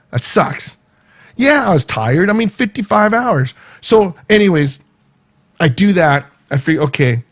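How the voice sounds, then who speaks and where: A middle-aged man hosting his own vlog, talking in a loose, rambling way with many fillers and restarts. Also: fairly high pitch. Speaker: vlog host. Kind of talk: casual rambling monologue.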